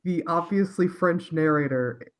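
A podcast co-host in casual chat, talking haltingly with restarts and short agreeing replies. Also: medium pitch. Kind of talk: casual chat about a video game.

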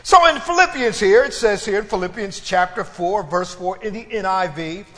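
Delivering a sermon in church, this man speaks at a normal speed in a high-pitched, expressive voice with a fairly bright tone. He elongates phrases for emphasis and invites responses from the congregation, and the recording carries the reverb of the church hall.

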